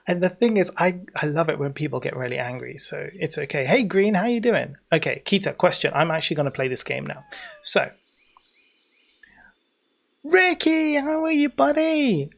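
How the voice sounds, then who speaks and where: English guy in his 40s streaming a game, gravelly voice, rambly and chatty, gets hyped saying hi to chat. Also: on the high side, fairly quick. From England. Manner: rambling, chatty, bursts of excited greetings to viewers. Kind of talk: casual livestream chat.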